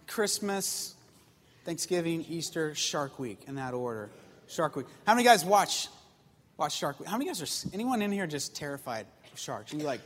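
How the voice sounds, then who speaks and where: Man, youth preacher, high voice, jokey and lively, long hall reverb. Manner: lively, jokey, talks straight to the crowd. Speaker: youth pastor. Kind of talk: sermon with audience participation.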